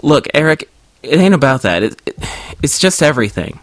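A man's voice: medium pitch, very animated, a little fast, dry recording, pitched above the performer's own voice. A man voicing a frustrated adult male rabbit who is breaking up with his partner, speaking bluntly and with exasperation. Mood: exasperated.

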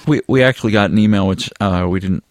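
A man with a fairly low voice hosts a podcast about his writing and answers listener mail. He steers the chat back on course, and the recording is close and dry. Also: fast, no room sound. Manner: keeps the talk on track, answers listener mail. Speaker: author and podcast host.

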